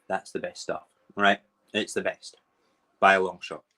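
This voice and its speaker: Chatty Scottish man, lowish voice. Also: flat delivery, a little slow, pushed and bright, a little hiss or hum. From Edinburgh, Scotland. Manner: rambling, chatty, talks while cooking and eating. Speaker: live stream host. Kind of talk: casual morning stream chat.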